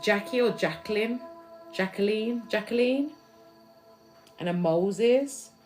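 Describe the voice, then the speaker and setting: A young woman talks straight to her viewers in a spiritual card reading, loose and slangy. Her voice sits in a middle register and jumps from loud bursts to quiet asides. Soft music plays faintly behind her. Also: mid-range voice, slow pace. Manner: chatty, slangy, swings between loud and hushed. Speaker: tarot reader.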